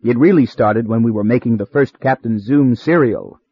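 A man doing a sad, hangdog film effects man in an audiobook, raising his pitch and speaking mournfully. The voice sounds anxious and beaten down. The recording is dry and slightly dull. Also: moderate pace, husky, no room sound.

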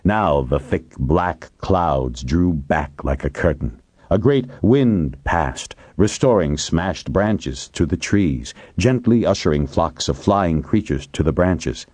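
A male audiobook narrator reads in a measured, deliberate way, often drawing out his phrases. His voice is very deep, with a dark, mellow tone. The recording is dry and close, with no room sound. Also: expressive, husky, no room sound.

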